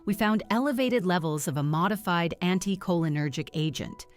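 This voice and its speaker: A steady female doctor delivering medical results in a calm, clinical manner, voiced by a woman narrator. The voice is lowish, with soft music behind it. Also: brisk, close to an everyday voice.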